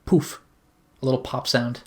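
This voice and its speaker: A man's voice: medium pitch, steady tone, a little slow, noisy background. Man commenting casually on a game. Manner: amused, offhand remarks between read lines. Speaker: streamer.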